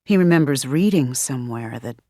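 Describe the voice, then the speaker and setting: A woman narrating an audiobook in an expressive, measured way. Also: a bass voice, no echo, clean studio sound.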